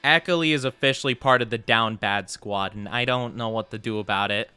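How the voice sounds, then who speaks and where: Playful, bright-voiced male game streamer. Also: fairly low pitch, a little fast, smooth, soft background music. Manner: playful, flustered denials when chat teases. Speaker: VTuber streamer. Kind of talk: live gameplay stream commentary, reading chat.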